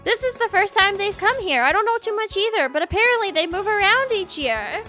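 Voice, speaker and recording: A woman voicing a rough male bird who once ran with a biker gang, speaking in urgent warnings. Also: extremely high pitch, animated, a little fast, bright, forceful tone, soft background music, voice pushed up, full character voice. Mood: alarmed.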